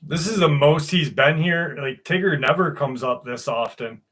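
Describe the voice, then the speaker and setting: A man's voice: fairly high pitch, normal speed, fairly bright tone, breathy edge. A middle-aged man hosting a casual livestream, joking and swearing freely as he chats and reads a story aloud. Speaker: host.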